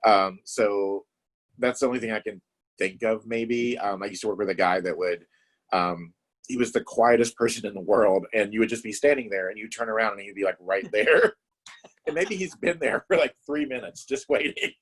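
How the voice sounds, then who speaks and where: A man's voice: on the low side, normal speed, breathy edge. A man as a guest in a casual chat, talking hesitantly with many "um"s and easy laughter over a video call.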